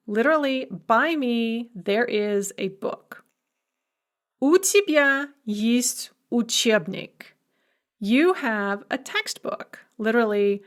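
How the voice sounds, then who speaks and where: A woman lecturer giving a recorded language lesson, explaining grammar clearly with casual asides. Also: a little high. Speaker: university Russian lecturer.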